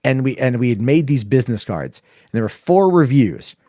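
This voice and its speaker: A man's voice: medium pitch, normal speed, no room sound, clean studio sound. A man hosting a casual podcast, telling a long story with plenty of swearing and acting out the other people's lines. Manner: profane, animated storyteller acting out dialogue. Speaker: podcast host.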